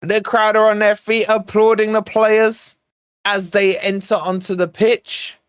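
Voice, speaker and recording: A man's voice: sits high, level tone, measured pace, a bit bright, clean tone, no room sound, studio quality. A man hosting a football watch-along stream, chatting, joking and mildly swearing to viewers. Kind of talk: casual live-stream chat and commentary.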